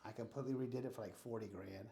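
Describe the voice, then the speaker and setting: A man's voice: fairly low pitch, racing, creaky, a little hiss or hum. American man telling a story in a roomy space. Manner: animated storyteller acting out dialogue. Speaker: real estate investor guest. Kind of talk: casual storytelling interview. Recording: roomy echo.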